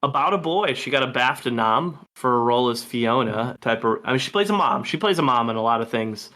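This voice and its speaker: A man hosting a movie podcast, talking in a relaxed, rambling way with frequent laughs. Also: mid-range voice, brisk. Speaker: podcast host. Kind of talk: casual movie podcast chat.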